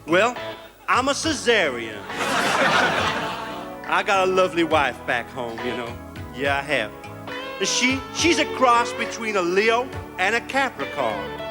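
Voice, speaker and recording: A man's voice: sits high, big pitch swings, unhurried, long pauses, music in the background. A man playing a smarmy, ingratiating male club comedian with brash stand-up patter and corny punchlines.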